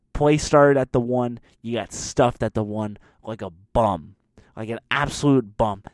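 Male sports ranter, mid pitch, dry close sound, mocking, acts out quotes. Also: dry recording. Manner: animated mocking rant with acted-out quotes. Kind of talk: ranting sports commentary.

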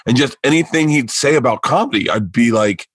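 A man's voice: medium pitch, brisk, breathy edge, no echo. A man, a comedian guest, telling stories in casual talk, tripping over restarts and acting out the people he quotes. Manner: animated, stammering restarts, acts out quoted people. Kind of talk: casual storytelling.

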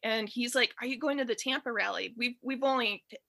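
A woman in her thirties from Detroit, her accent softened by years in the South. She tells a rambling story, laughing often, in a fairly high, bright voice recorded dry and close. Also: fairly quick, gravelly, no echo. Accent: Detroit with a Southern tinge. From Detroit, USA. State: allergies, clearing throat. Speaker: guest storyteller. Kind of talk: casual chat. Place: in bed at home.

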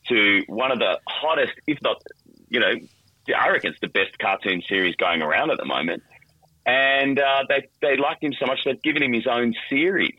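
A middle-aged voice actor in a casual interview, talking animatedly with lots of restarts. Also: male voice, medium pitch, no room sound, lo-fi sound. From Australia. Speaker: voice actor and guest.

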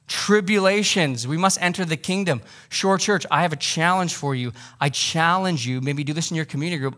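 A man's voice: fairly high pitch, fairly bright tone. A male pastor preaching a sermon in a loose, conversational way, joking with the congregation and pressing his points with emphasis.

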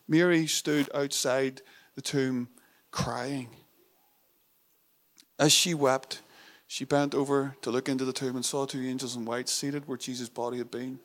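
A man preaching a sermon in an earnest, intimate way, repeating phrases for emphasis and dropping to a soft hush on tender moments. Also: mid-range voice.

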